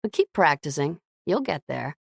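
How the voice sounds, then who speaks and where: A man's voice: a little high, very animated, normal speed, vocal fry, a bit bright, slightly rough, no echo, studio quality, exaggerated voice. A woman voicing a cocky male rock star who teases and gives orders. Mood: teasing. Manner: teasing, commanding.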